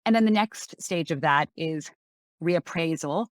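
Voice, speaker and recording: A woman's voice: low voice, unhurried, no echo, clean studio sound. A woman psychiatrist guest explaining ideas in a thoughtful, conversational way, with frequent fillers. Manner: thoughtful, with many fillers such as "sort of" and "like".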